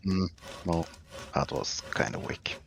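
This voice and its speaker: A man's voice: low voice, fairly even intonation, slow pace, gravelly, fairly bright tone, a little hiss or hum. A man co-hosting a casual livestream chat, laid-back, with short dry remarks that trail off. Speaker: co-host.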